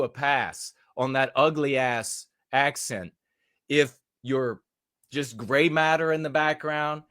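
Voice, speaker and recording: A man rants over a news clip, angry and mocking, his talk full of fillers and restarts. His voice sits a little high for a man. The recording is close and dry. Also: unhurried, a bit bright, no echo. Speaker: commentator. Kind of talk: ranting commentary on a news clip.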